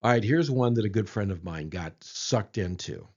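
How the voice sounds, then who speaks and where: A man's voice: on the low side, animated, moderate pace, darkish tone. A middle-aged man giving an informal presentation, chatty, repeating himself and checking in with the audience. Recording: dull lo-fi recording.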